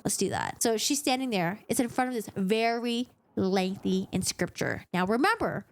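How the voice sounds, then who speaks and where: A woman vlogger giving a casual, dramatic book recap in an animated storytelling manner. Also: mid-range voice, normal speed, hardly any pauses.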